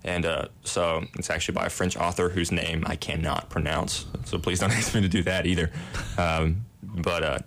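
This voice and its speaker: A man's voice: sits low, fairly even intonation, moderate pace, gravelly, fairly bright tone, a little hiss or hum. A young man, a residence hall director, answering interview questions in a modest, self-deprecating way with easy laughs.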